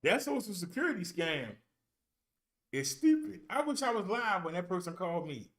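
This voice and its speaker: A man's voice: sits high, very animated, moderate pace, a bit bright. A man casually retelling a story in an indignant, colloquial way. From United States. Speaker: vlogger and minister.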